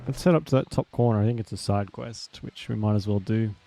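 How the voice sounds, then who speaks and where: A man's voice: lowish voice, fairly even intonation, fairly quick, creaky, dark tone, a little hiss or hum. A man streaming a game live, chatting casually, reading lines aloud and meowing as a running joke.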